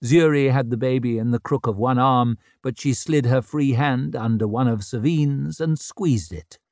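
A man reading an audiobook in a slow, steady voice. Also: mid-range voice, dry recording, clean studio sound. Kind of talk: audiobook narration.

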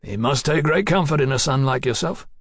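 A man's voice: mid-range voice, a little fast, vocal fry, husky, no room sound, studio quality. A man voicing a cheerful, practical male engineer in an audiobook, talking heartily. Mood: hearty.

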